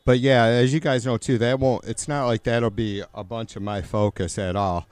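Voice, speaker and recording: Male live streamer, profane, rambling, smooth clear voice, dry close sound. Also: medium pitch, steady tone, normal speed, darkish tone, dry recording. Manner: profane, rambling with frequent restarts. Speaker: live streamer reading chat. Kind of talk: casual political commentary stream.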